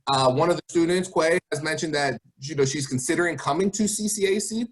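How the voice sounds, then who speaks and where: A man's voice: on the high side, a little fast. A man speaking as a college guest to students over a video call, encouraging them and asking rhetorical questions. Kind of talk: online presentation to students.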